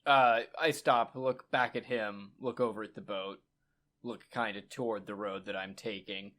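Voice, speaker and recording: A man playing a tabletop game, talking casually with quick asides. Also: lowish voice, fairly even intonation, a bit bright. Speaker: player.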